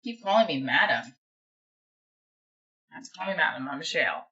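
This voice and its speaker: Brief: chatty New Jersey woman hosting a home livestream, lowish voice, muffled phone sound. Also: lively intonation, normal speed, sharp tone. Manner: chatty, rambling, many fillers and restarts. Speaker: livestream host. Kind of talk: casual livestream chat. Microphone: phone camera.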